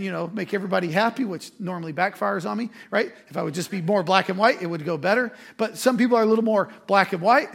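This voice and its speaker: Guy preaching a sermon, pretty high voice, kinda gravelly, chatty and emphatic. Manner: conversational, emphatic preaching with quoted asides. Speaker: pastor.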